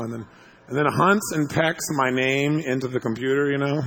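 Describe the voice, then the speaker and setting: A man telling a story to an audience as a motivational speaker, animated and laughing as he acts out what people said. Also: medium pitch, moderate pace, a little hiss or hum.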